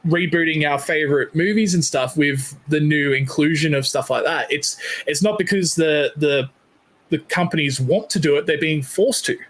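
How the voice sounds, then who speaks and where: Man, 30s, podcast host, rambling, restarts a lot, slightly high voice. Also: moderate pace. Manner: rambling, with many restarts and fillers. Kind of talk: casual chat.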